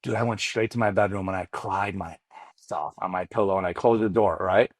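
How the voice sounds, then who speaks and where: A man in his forties, not a native English speaker, telling his story as a podcast guest in a lively, casual way full of slang. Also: fairly quick, no room sound. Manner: lively, acts out quoted dialogue with big pitch jumps; casual slang, addresses host directly. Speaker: podcast guest, mortgage loan officer. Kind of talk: animated storytelling in a podcast interview.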